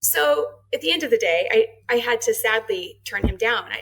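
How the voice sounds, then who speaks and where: A middle-aged woman, a guest on a podcast, telling her story in a casual interview, lively and quick to laugh, acting out the dialogue she quotes. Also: a little high, breathy edge, poor audio. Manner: animated, acts out quoted dialogue, laughs often. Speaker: marketing and HR head, podcast guest.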